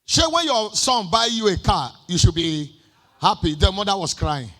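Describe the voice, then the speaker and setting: A man with a Nigerian accent preaching a sermon as pastor. He swings between chanted, shouted lines and quiet asides. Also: sits high, animated, normal speed. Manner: shouts and sings phrases, then drops to quiet asides.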